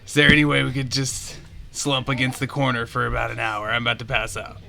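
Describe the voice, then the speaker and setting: A man playing his character in a tabletop game, speaking in a measured, courteous way. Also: mid-range voice, completely flat delivery, heavy background noise. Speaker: player. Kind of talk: in-character tabletop role-play. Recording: music clearly in background.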